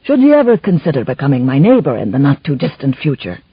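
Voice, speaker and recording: A woman's voice: extremely low pitch, wildly swooping pitch, fast talker, breathy edge, no room sound, pitched below the performer's own voice, heavily acted. A woman voicing a hearty, boastful older Scottish laird with a Scottish accent and archaic speech, in a slightly muffled recording.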